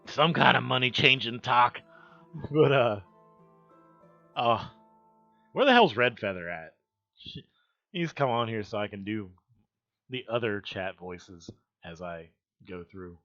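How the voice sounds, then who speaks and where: A man's voice: mid-range voice, slow, pauses often, pushed and bright. A man chatting casually on a livestream, rambling and swearing, often trailing off mid-sentence. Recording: dull lo-fi stream audio with faint music.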